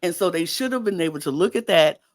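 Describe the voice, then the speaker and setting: A woman's voice: fairly low pitch, lively intonation, fast. A woman co-hosting a casual podcast, recapping a reality show and acting out quotes in raised voices. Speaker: podcast co-host.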